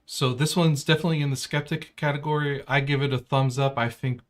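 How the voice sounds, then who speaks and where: A man's voice: medium pitch, fairly even intonation, a little fast. A man co-hosting a podcast in casual chat, easygoing and teasing. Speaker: podcast co-host.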